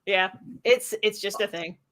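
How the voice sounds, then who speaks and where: A woman's voice: mid-range voice, a little slow, a bit bright. Easygoing woman who laughs often. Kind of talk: casual livestream chat.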